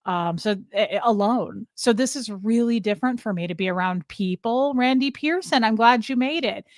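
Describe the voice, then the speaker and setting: A woman's voice: fairly high pitch, moderate pace, no room sound, clean studio sound. A woman hosting a casual livestream, rambling from topic to topic and greeting viewers by name. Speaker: livestream host. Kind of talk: casual live chat with viewers.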